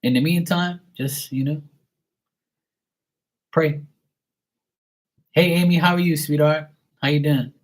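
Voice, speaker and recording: A man's voice: on the high side, steady tone, slow, long pauses. A middle-aged man reading tarot on a live stream, chatting casually and bantering playfully with viewers in the chat.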